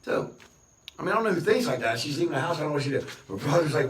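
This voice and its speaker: A man's voice: on the high side, sing-song, racing, a little hiss or hum. Guy ranting n bragging at the camera, kinda far off the mic, echoey room. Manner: boastful, ranting, repetitive. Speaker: vlogger. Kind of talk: rambling monologue to camera. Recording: roomy, distant from the mic.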